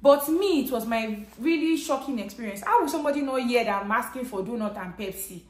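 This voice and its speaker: A woman's voice: on the high side, fast talker. Earnest Nigerian woman vlogging, echoey room. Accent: Nigerian English. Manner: earnest, conversational. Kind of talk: personal storytelling to camera.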